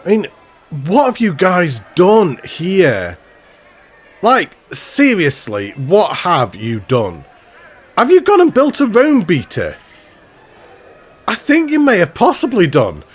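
A man hosting a game channel, giving excited, gushing commentary with self-mocking asides. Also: high-pitched, takes it slowly, long pauses, slightly rough.

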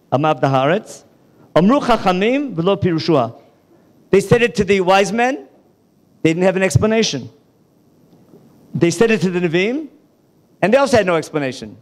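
High-voiced rabbi lecturing a class. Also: male voice. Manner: quizzes audience, quick asides. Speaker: rabbi teaching Bible. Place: college lecture hall.

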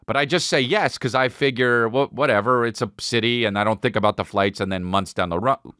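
A man hosting a podcast, telling a comic story in a loud, profane way and acting out each person's lines. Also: brisk, clean tone, no echo, studio quality. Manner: animated and profane, acting out dialogue with big pitch jumps. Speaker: podcast host. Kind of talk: comedic storytelling monologue.

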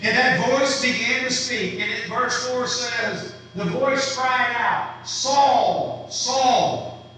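A man's voice: very high-pitched, steady tone, takes it slowly, hardly any pauses, noisy background. A man preaching a sermon who asks his congregation questions as he teaches. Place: church sanctuary. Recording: roomy, distant church recording.

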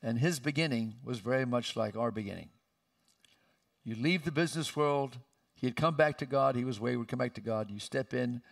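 A male pastor preaching a sermon with emphatic delivery and sudden loud, high outbursts, recorded in a church sanctuary. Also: normal speed, gravelly, distant mic.

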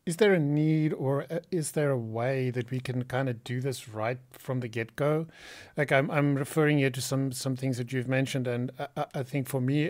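A man hosting a podcast, asking long, rambling questions with many restarts. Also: mid-range voice. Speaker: podcast host. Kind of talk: casual interview talk.

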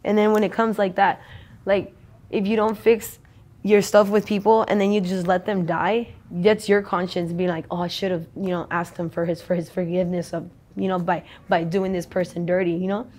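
A woman's voice: on the low side, flat delivery, moderate pace, a little mellow. A young adult woman in a casual street interview, talking in a rambling, slangy, profane way.

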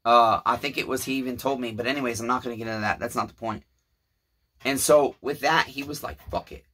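A man's voice: mid-range voice, fairly even intonation, fast, fairly bright tone. A man in his thirties with a Southern US accent, talking in a small shed as a channel host and telling a story in a profane, preachy, rambling way. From Tennessee, US. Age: 30s.

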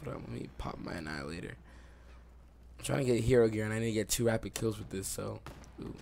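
A young man giving excitable live commentary over his own video game play, recorded on a desktop microphone at home. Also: lowish voice, quick pace, creaky, slight background noise. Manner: excitable, reacts aloud to the game. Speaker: gaming YouTuber. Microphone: desktop USB mic.

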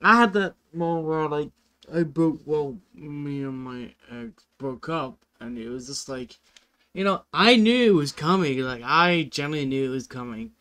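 A young-sounding man with a fairly high, smooth, clean voice talks through a song reaction. He rambles in an earnest, easygoing way and keeps filling gaps with "like" and "you know". It sounds like an informal video rather than a script. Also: lively intonation, moderate pace, a bit bright. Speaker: music reaction video host. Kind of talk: casual reaction commentary.

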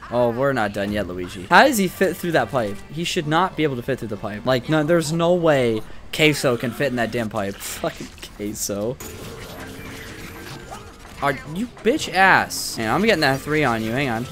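A young adult man giving excitable, profane, joking let's play commentary as a gaming YouTuber. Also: mid-range voice, moderate pace, soft background music.

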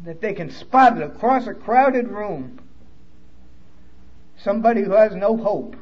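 A man with a New York accent gives a candid, emotional personal testimony at a conference and swears bluntly. His voice sits high for a man. The recording is dull and lo-fi, as if taped at a conference. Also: lively intonation, measured pace. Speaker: recovery speaker. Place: conference hall.

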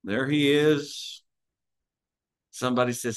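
A man's voice: on the high side, lively intonation, measured pace, a bit bright. A man preaching a sermon, telling stories and acting out the voices in them. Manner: storytelling preacher, acts out voices in anecdotes.

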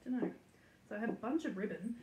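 A woman's voice: medium pitch, animated, fast talker, warm tone. A woman hosting a casual cross-stitch vlog, chatty and giggly with lots of ums and likes, talking to the camera from her home stitching room. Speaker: flosstube host. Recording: echoey room with faint noise.

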